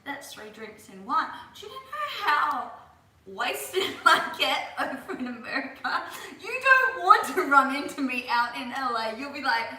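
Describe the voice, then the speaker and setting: A woman's voice: high-pitched, big pitch swings, measured pace, pushed and bright, recorded from a distance, slight background noise. A young Australian woman in her twenties, chatting casually on a livestream, reading out viewer questions and laughing often. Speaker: livestream host. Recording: echoey room, voice off-mic.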